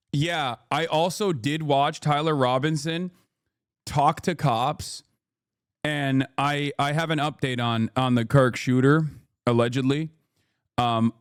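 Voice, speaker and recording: A man hosting a live stream, reacting to news in an animated, mocking way with sudden incredulous outbursts. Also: fairly high pitch, clear, resonant tone, no echo, studio quality. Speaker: livestream host.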